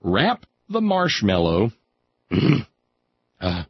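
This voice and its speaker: A man's voice: fairly low pitch, big pitch swings, slow, slightly rough, no room sound. A man reading aloud in a sardonic comic style, with wry, mock-solemn asides. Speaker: comic reader. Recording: dry, slightly dull lo-fi sound.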